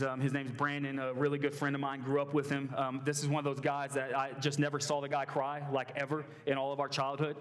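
A young man preaching a sermon to a college group in a conversational way, with many fillers and restarts. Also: mid-range voice. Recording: long hall reverb.

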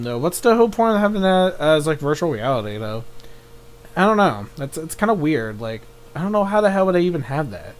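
A young man giving live reaction commentary, excitable, thinking aloud and swearing often. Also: a little high, a little fast. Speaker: YouTube reaction host.

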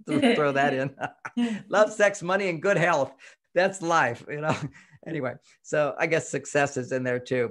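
A man who writes on relationships, talking in a casual interview, acting out quoted voices and chuckling as he explains. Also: fairly high pitch. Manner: animated, acts out quoted voices, chuckles often. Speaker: relationship author and expert guest.

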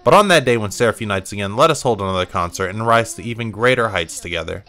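A man's voice: lowish voice, expressive, fast talker, bright, forceful tone. Man reading a proud young empress. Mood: grand.

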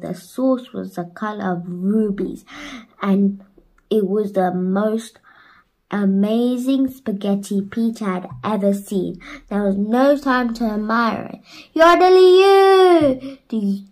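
A woman reading a children's bedtime story aloud in a slow, gentle way. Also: medium pitch, poor audio.

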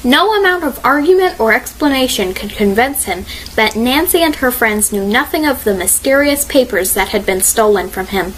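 A woman narrating a mystery audiobook in a measured, expressive reading style. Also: fairly high pitch, a little hiss or hum, low-quality recording.

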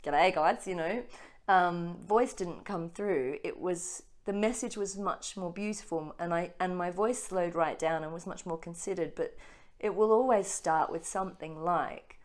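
A woman with an Australian accent, co-hosting a casual spiritual chat and talking quickly with many restarts. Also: lowish voice, steady tone. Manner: fast-talking. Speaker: co-host.

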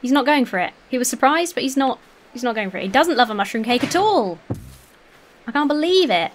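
A woman's voice: sits high, animated, fairly quick, a little hiss or hum. A woman hosting a casual let's-play, chatty and gushing, swearing casually, with faint game music behind her. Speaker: gaming video host.

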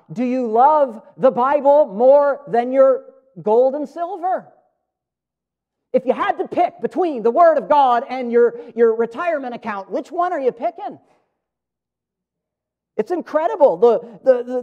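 High-voiced man preaching earnestly. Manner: earnest, emphatic, rising for emphasis and dropping to a hush. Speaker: pastor. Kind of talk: sermon. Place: church sanctuary. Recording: dull lo-fi church recording.

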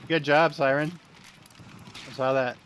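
A man's voice: fairly high pitch, fairly even intonation, measured pace, fairly bright tone, slight background noise. A man hosting a casual gaming stream on a headset, greeting viewers by name and laughing often.

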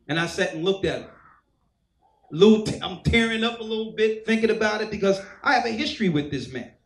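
A man with a high voice preaches a sermon, telling his own story and voicing the people in it. His voice rings through an echoey hall. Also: animated, brisk. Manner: storytelling, acts out quoted voices. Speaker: church elder preaching. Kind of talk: sermon testimony.

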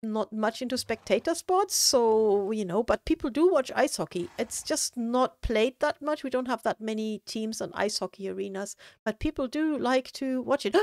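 A woman's voice: on the high side, expressive, normal speed, hardly any pauses, darkish tone, no echo, clean studio sound. A woman streaming a building game, chatting casually with viewers and thinking aloud with lots of fillers. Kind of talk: casual live-stream chat.

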